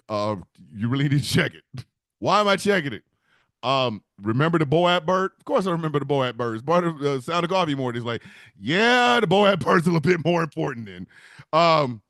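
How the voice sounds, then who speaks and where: A man's voice: a little high, fairly bright tone, no room sound, studio quality. A man hosting a comedic talk show, telling a rambling story full of laughter and swearing. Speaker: show host.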